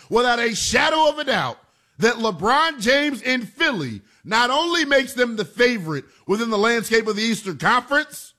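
Male sports talk host, bright forceful tone, animated emphatic delivery. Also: extremely high pitch. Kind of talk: sports talk radio monologue.

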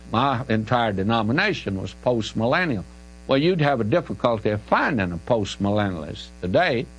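Emphatic older teacher. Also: male voice, mid-range voice, low-quality recording. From Southern United States. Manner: emphatic, folksy and conversational. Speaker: Bible teacher. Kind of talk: radio Bible teaching, answering listener questions. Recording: archival radio recording with mains hum.

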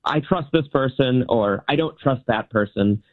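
A man's voice: medium pitch, normal speed. Man on a tinny phone line. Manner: friendly, explanatory, light laughs. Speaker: magician guest. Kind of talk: interview answers.

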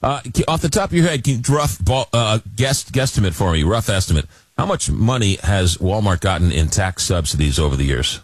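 A man hosting a radio interview, asking questions in a lively, animated way. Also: lowish voice, brisk. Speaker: radio host.

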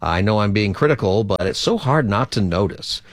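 Chatty pastor hosting a call-in show. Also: male voice, lowish voice, lively intonation, normal speed, no echo, studio quality. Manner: chatty, conversational, rambling with fillers. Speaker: radio talk show host and pastor. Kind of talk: call-in radio talk.

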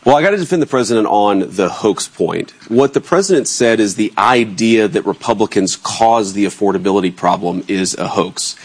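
A man being interviewed as a politician, answering in a measured, steady way and defending his position point by point. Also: lowish voice, slightly rough. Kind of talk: calm explanatory answers.

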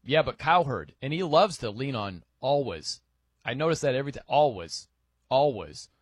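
Chatty animated male radio host. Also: medium pitch, fairly quick, slightly rough, no room sound, studio quality. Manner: chatty, laughing, mimics voices in anecdotes. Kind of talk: casual sports radio chat.

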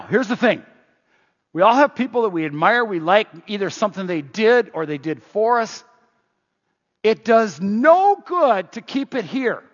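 Male preacher, high and husky, storytelling sermon style with a dull sound. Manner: conversational, animated, with restarts. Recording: dull sound with long hall reverb.

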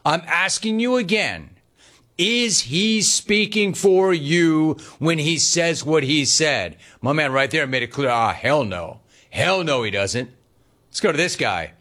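A man hosting a sports talk radio show, teasing callers in an animated way. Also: on the high side, a little slow. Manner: animated, mock-serene teasing. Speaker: radio host.

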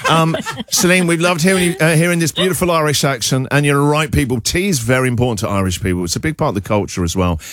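A man's voice: fairly high pitch, fairly bright tone. A man hosting a radio show, chatting with a caller in a playful, teasing way. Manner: playful, teasing, quick to joke. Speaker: radio host. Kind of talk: casual on-air chat with a caller.

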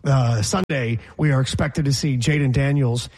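A man's voice: medium pitch, fairly even intonation, normal speed, darkish tone. A man hosting a casual sports talk show, joking and imitating how people pronounce words. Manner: wisecracking, mimics voices and pronunciations. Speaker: sports radio host.

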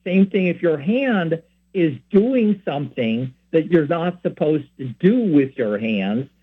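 A man's voice: on the high side, very animated, slow, breathy edge. A man from San Francisco who hosts a Catholic program, giving rambling, earnest spoken teaching with many asides. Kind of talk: informal spoken teaching and personal story. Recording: tinny phone-like sound.

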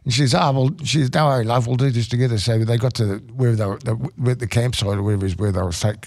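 Gravelly Australian man, rambling story. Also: medium pitch, steady tone, darkish tone, no echo. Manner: rambling, halting, with many restarts and fillers. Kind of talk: casual storytelling on radio.

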